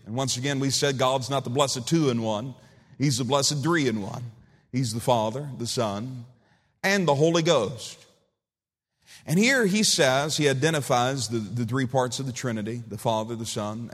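A man's voice: mid-range voice, normal speed. A man preaching a sermon as pastor, folksy and joking, telling stories between Scripture readings. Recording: reverberant church hall.

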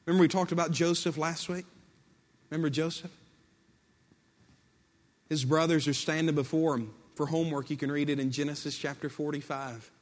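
A man's voice: fairly high pitch, steady tone, a little fast, pauses often. A man preaching a sermon in a storytelling way, acting out quoted speech and building to impassioned peaks. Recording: long hall reverb.

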